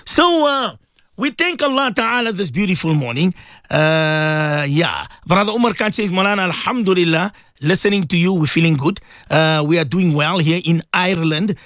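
A middle-aged man from South Africa presenting a radio show, chatting warmly with listeners and reading out their messages with frequent laughs. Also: sits high, lively intonation, moderate pace, dry recording, clean studio sound. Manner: chatty, affectionate, laughs often.

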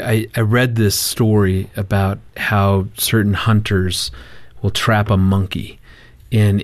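A man in a casual conversation, telling a family story in an animated way and acting out the quoted lines. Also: fairly low pitch, no room sound. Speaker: marriage counselor and guest.

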